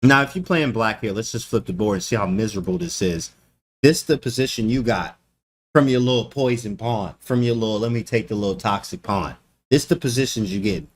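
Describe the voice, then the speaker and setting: A man commenting on chess games live, joking and slangy, who often breaks into laughter. His voice sits in an ordinary middle pitch, and his delivery is lively and animated throughout. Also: fairly quick. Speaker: chess streamer.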